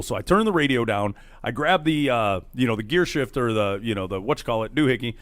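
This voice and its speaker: A man hosting a late-night radio talk show, telling a story in a casual, animated way and acting out what people said. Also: mid-range voice, fast talker, no echo. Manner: animated storyteller, acts out quotes. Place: studio.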